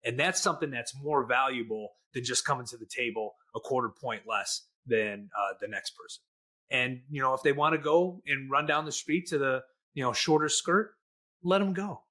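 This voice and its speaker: A man's voice: medium pitch, normal speed, pushed and bright. A middle-aged man with a Midwestern accent, co-hosting a casual podcast chat in a jokey, folksy storytelling way. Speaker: podcast co-host, lender.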